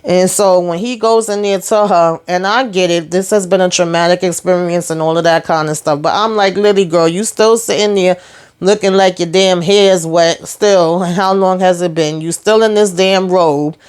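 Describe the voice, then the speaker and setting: A woman's voice: lowish voice, steady tone, a little mellow, clear, resonant tone. A woman giving a casual recap of a TV episode, sassy and chatty, scolding the characters directly as she retells scenes. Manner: sassy, talks straight to the characters; retells scenes in quick back-and-forth paraphrase. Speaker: TV show reviewer.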